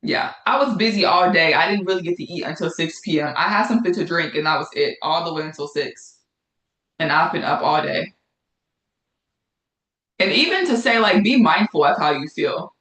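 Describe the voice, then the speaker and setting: A woman's voice: fairly low pitch, lively intonation, moderate pace, a bit bright. Woman leading a casual Bible study. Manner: conversational, repeats phrases for emphasis. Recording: echoey room.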